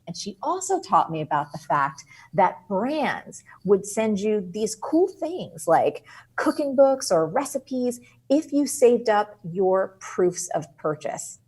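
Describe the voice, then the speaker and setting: Brief: middle-aged woman from New Jersey, a guest author, husky and lively, telling a story, sitting a touch low. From New Jersey, USA. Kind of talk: animated storytelling in an interview.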